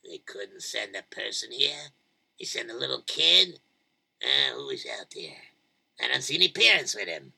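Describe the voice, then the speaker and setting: Man doing cranky old man voice, gravelly, gruff, bellowing, storytelling. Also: medium pitch, very animated, normal speed, sharp tone, pitched below the performer's own voice, exaggerated voice. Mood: angry. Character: grumpy lonely old man, shouting.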